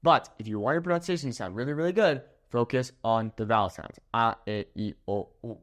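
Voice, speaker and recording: A young man, a native English speaker, teaching Spanish pronunciation in an upbeat way, slowing down to spell out words and checking in with "okay?". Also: medium pitch, a bit bright. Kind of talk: energetic language lesson.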